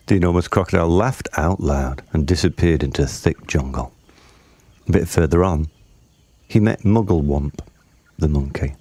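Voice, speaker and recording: A man narrating a children's story in a measured, expressive reading. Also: rumbling low, no echo.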